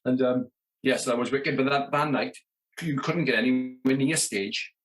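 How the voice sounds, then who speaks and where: At a normal speed and in a mid-range voice, a South Welsh rock drummer in his thirties tells casual stories from touring. He's from around Merthyr Tydfil, guesting on a podcast, and he dramatizes the dialogue while frequently saying "you know what I mean."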